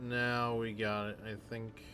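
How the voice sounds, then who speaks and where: A man's voice: lowish voice, level tone, slow pace, pushed and bright, a little hiss or hum. A man in his thirties who rambles, full of fillers, while streaming a game at home on a desktop microphone. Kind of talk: casual gameplay commentary. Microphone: desktop microphone with headphones.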